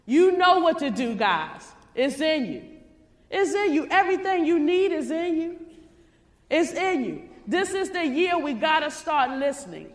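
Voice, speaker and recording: A woman giving an emphatic, preacher-like motivational speech at a sales convention, repeating her lines and sometimes shouting them. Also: high-pitched, very animated, measured pace. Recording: reverberant hall.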